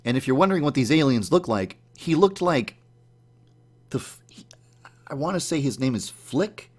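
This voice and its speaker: A man telling the story of a dream in a casual, animated way, acting out his own startled reactions in a higher voice. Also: normal speed, breathy edge. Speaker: YouTube channel host.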